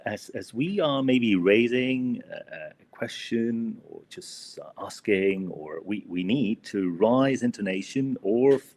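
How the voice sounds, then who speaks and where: A man's voice: on the low side, animated, takes it slowly, hardly any pauses, darkish tone. A man co-hosting a podcast English lesson, hesitant and full of fillers, often adding "no?" to his sentences. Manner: hesitant, many fillers and tag "no?". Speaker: co-host and English teacher.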